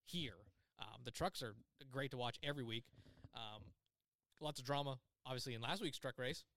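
A man's voice: medium pitch, moderate pace. A man hosting a podcast, chatting casually and laughing easily. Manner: relaxed, chatty, frequent restarts and laughs. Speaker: podcast host. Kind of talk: casual chat.

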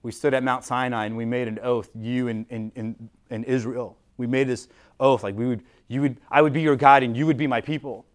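With a steady tone and a mid-range voice, a man preaches briskly in a relaxed, explanatory way. It's a conversational sermon from a pastor who often restarts phrases and leans on "like."

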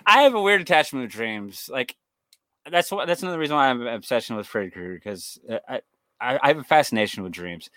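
A man's voice: mid-range voice, expressive, fast talker, fairly bright tone, no echo. A young man co-hosting a horror podcast, telling rambling stories in casual chat, swearing often and acting out the voices of people in his stories. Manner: rambling storyteller, swears a lot, acts out quoted voices. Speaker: podcast co-host.

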